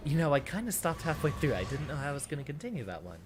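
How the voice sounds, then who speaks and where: A man's voice: medium pitch, expressive, fast, few pauses. A man streaming a video game, chatting with viewers in a playful, theatrical way. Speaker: VTuber streamer. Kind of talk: casual gameplay commentary. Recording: game music behind.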